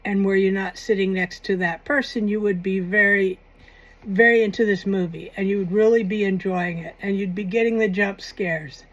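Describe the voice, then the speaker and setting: A woman's voice: medium pitch, fairly even intonation, moderate pace. A woman hosting a paranormal channel, talking in a casual, rambling commentary with wry, self-mocking asides.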